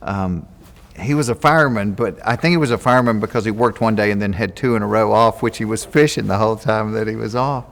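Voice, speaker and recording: A man's voice: lowish voice, quick pace, vocal fry, a bit bright, big-room sound. A man with a Southern US accent from Georgia tells jokey stories in an interview and acts out the quotes. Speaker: comedian. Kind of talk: interview storytelling.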